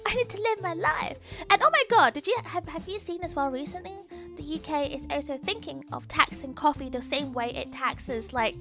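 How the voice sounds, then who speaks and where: A woman streaming as a VTuber, chatting casually in an excitable, ranting way with lots of giggling. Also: sits high, moderate pace, over music.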